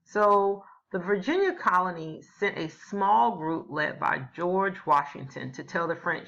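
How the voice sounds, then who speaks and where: A woman's voice: on the low side, animated, a little slow, creaky, hardly any pauses, a bit bright. A woman teacher giving a casual, explanatory history lesson. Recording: dull lo-fi recording.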